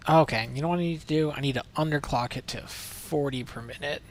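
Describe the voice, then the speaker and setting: A man's voice: fairly high pitch, fast talker, a little hiss or hum. Chatty male streamer, rambling while playing. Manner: rambling, chatty, swears casually. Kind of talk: casual livestream commentary while playing.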